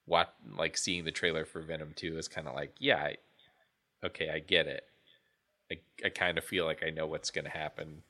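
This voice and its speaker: Male podcast co-host, deep but bright tone, loose rambling delivery. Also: flat delivery, normal speed. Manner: rambling, restarts thoughts often. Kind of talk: casual chat.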